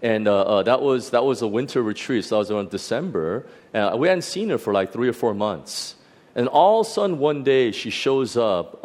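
A middle-aged male pastor shares a personal testimony during a sermon, speaking in a fairly low voice. He's animated, with lots of restarts and fillers.

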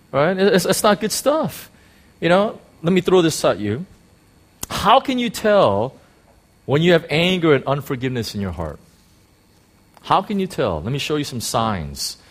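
A man pastor preaching a sermon in a conversational way, with rhetorical questions and quick acted-out quotes of churchgoers. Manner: acts out quoted church talk in sudden high bursts.

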